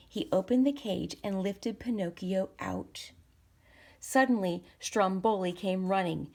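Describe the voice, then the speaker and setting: A woman reading a picture book aloud to children, with a mid-range voice. She keeps young listeners engaged by pausing to ask questions and point out the pictures. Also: medium pitch, a little mellow.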